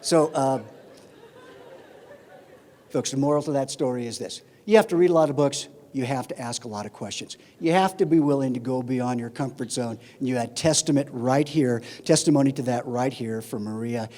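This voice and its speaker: A man's voice: mid-range voice, normal speed. A man, a flight instructor, giving a humorous speech at a conference, telling comic stories. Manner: animated comic storyteller. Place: conference hall. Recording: reverberant conference hall.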